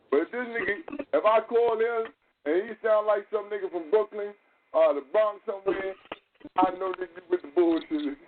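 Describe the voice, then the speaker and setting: A high-pitched man hosts a casual podcast, telling loose, profane stories full of quoted dialogue. The audio is tinny and phone-like, with a faint hiss.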